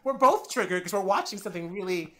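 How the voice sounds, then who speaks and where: A man telling candid personal stories as a guest on a podcast interview. His delivery swings between loud, animated bursts and low, quiet passages, and he swears freely and acts out other people's lines. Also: quick pace, slight background noise.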